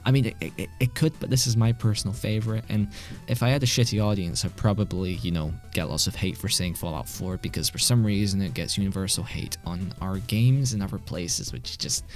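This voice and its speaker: A man's voice: deep voice, brisk, faint music behind. A British man rambling casually into a microphone as host of his gaming channel, sweary and self-deprecating. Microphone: desk microphone.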